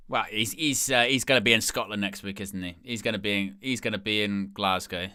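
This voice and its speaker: Bright, crisp-voiced man musing. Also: on the low side, steady tone, brisk, hardly any pauses, no echo, studio quality. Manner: musing, thinking aloud. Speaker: live stream host. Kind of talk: casual watch-along commentary.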